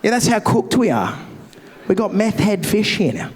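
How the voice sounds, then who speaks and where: Brash, high-voiced Australian comic. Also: male voice, very animated, a little hiss or hum. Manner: brash, crude, rapid-fire. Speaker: stand-up comedian. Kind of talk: stand-up comedy set. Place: comedy festival stage.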